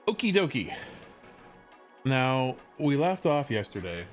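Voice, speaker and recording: A man's voice: lowish voice, expressive, moderate pace, long pauses, faint music behind. An American man from California chatting casually on a live stream while he works, rambling and correcting himself as he goes. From California, USA. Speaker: livestreamer and game developer.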